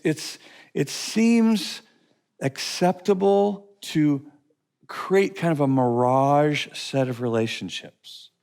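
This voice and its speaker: Gravelly man teaching a class. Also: a little high. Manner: repeats phrases, lively storytelling with put-on voices. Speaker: curriculum teacher. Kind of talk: teaching a recorded class session.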